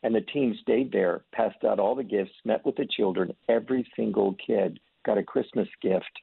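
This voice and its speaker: Gravelly-voiced man on a phone line. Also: lowish voice, moderate pace. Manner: earnest storyteller, acts out voices in anecdotes. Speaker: ministry leader. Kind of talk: conversational testimony.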